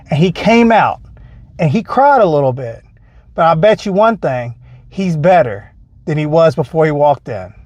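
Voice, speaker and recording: High-voiced man telling a faith story. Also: a little mellow, no room sound. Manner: storytelling, conversational, earnest. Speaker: faith vlogger. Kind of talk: casual devotional story.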